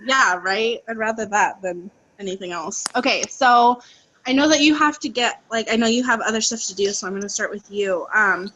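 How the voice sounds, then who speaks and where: A woman's voice: mid-range voice, normal speed, sharp tone, slight background noise, low-quality recording. A woman leading a casual team training call, chatty and full of "like" and "um" fillers, speaking over a video call. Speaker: call co-host leading the session.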